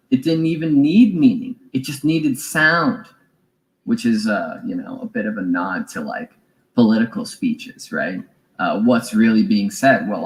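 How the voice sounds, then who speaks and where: A man giving a reflective spiritual lecture, musing and deliberate, with fillers and small asides. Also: medium pitch, rough recording. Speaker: spiritual teacher.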